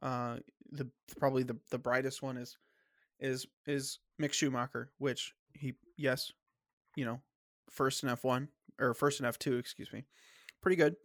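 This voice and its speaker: A man hosts a casual sports podcast and argues his picks firmly, stumbling and restarting as he goes. He has a slight cough. His voice is mid-pitched and sits close and dry on the mic. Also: level tone, dry recording. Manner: opinionated, halting with restarts. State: coughing, clearing throat. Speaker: podcast host.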